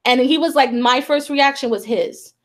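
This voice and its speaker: A woman's voice: high-pitched, moderate pace. A woman hosting a talk show, telling a personal story in a chatty way, full of fillers, and acting out the quoted voices. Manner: chatty, heavy on 'like' and 'you know'. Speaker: show host and psychic medium. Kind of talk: casual storytelling chat.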